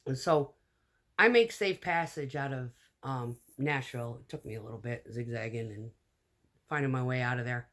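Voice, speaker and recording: Blunt, animated woman telling a story. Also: extremely low pitch, moderate pace. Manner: animated, acts out quoted dialogue; blunt, swears casually. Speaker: vlogger telling a personal story. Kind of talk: casual storytime monologue.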